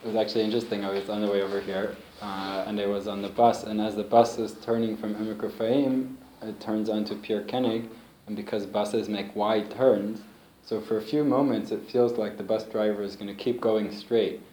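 Low-voiced guy telling stories to a group, laughs a lot, roomy room. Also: normal speed. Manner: relaxed storytelling, laughs often. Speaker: speaker giving a talk. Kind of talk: informal talk to a small group. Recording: roomy, faint background hiss.

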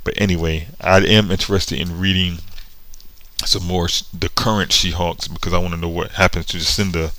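A man's voice: low-pitched, flat delivery, fairly quick, a bit bright, poor audio. A man casually retelling a comic book story, sarcastic and often breaking into laughter. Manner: sarcastic, laughing between lines.

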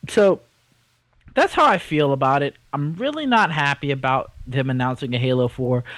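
A man co-hosting a casual podcast, talking in an animated, rambling and opinionated way. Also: mid-range voice, normal speed, no echo, rough recording. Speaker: podcast co-host. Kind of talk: casual chat.

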